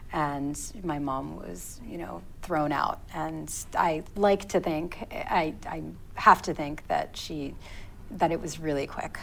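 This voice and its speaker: Poor audio with slight background noise captures a woman in her thirties speaking as a guest in an interview. Her slightly low voice carries vocal fry, and she tells a personal story haltingly, breaking off and beginning again as she thinks it over.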